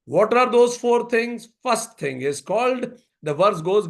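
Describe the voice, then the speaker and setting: A man giving a spiritual yoga talk at a symposium, telling stories and repeating key phrases deliberately. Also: high voice, animated. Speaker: yoga speaker.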